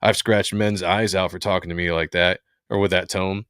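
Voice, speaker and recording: A man reads as a confident female cat burglar with a threatening edge. He uses his own low voice. The recording sounds close and dry. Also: flat delivery, moderate pace, a bit bright, clean tone, no room sound. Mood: cool.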